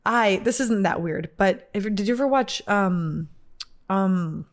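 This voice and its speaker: A woman's voice: mid-range voice, expressive, a little slow. A young woman co-hosting a podcast, chatting casually and crudely, often laughing and trailing off mid-sentence. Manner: giggly, rambling, crude. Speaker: podcast co-host. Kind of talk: casual comedic chat.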